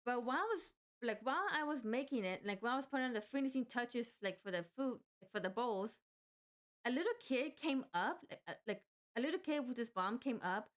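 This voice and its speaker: A woman's voice: a little high, expressive, a little fast. A young woman telling a work story casually, with rambling restarts and frequent fillers. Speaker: vlogger.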